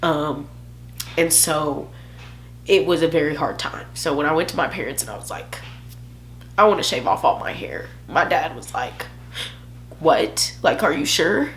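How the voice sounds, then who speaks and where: Low-voiced young woman telling her story. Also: moderate pace, fairly bright tone, a little hiss or hum. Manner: candid, emotional, self-joking. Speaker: vlogger. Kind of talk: personal storytelling vlog.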